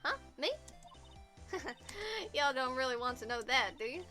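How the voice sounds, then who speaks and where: A woman's voice: high voice, lively intonation, a little slow, soft background music, heavily acted. A woman putting on a brash Southern drawl. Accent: American Southern drawl, put on. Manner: folksy, loud, boastful.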